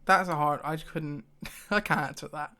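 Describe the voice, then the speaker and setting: A male YouTuber talks casually to the camera, thinking out loud, hesitating often and letting out short laughs. His voice is a bit high for a man, smooth and clear, with a steady, bright, forceful tone at a moderate pace.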